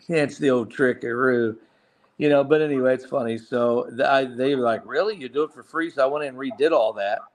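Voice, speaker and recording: Middle-aged male guest, mid-pitched, loose rambling storyteller with frequent restarts. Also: steady tone, moderate pace. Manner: rambling anecdotes with many restarts. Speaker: guest voice actor. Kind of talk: casual storytelling interview.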